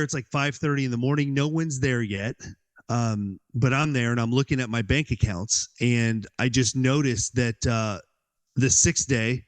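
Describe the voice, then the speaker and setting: A man appears as a podcast guest, animatedly telling a personal story and acting out his own inner dialogue, with plenty of "like"s. His voice is mid-range.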